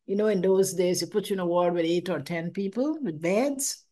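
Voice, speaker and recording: A woman's voice: lowish voice, moderate pace. An older woman telling her story as an interview guest, acting out her own past thoughts and laughing now and then. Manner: expressive, acts out her own past thoughts, laughs often, repeats words. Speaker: interview guest recounting a near-death experience. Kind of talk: animated personal storytelling.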